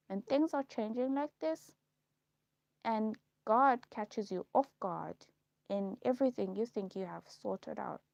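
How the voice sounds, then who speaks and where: A woman speaking a halting, repetitive personal monologue on a live stream, slow and heavy in delivery. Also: medium pitch, gravelly, a little mellow, no echo. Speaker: livestream host.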